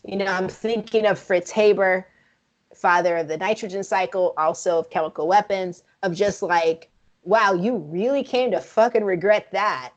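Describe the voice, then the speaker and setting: A woman co-hosting a casual film review chat, frank and profane, speaking in an animated way. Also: mid-range voice, moderate pace, muffled recording. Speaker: podcast co-host.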